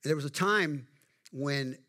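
A man's voice: a little high, a little slow, sharp tone. A middle-aged man preaching a sermon to his congregation in a folksy, conversational way, asking them questions as he goes. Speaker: pastor.

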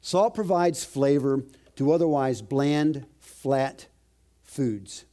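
A male pastor delivers a sermon in a mellow, darker voice. He preaches emphatically, leaning hard on key phrases by slowing down and lifting his pitch. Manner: emphatic, slows and rises to stress key phrases.

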